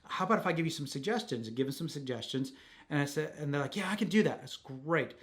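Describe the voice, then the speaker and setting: A man's voice: a little high, fast, fairly bright tone. A man coaching on a podcast, telling a client story and acting out both sides of the dialogue, with frequent restarts. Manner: repeats words, restarts sentences. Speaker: podcast host, business coach. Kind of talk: conversational teaching.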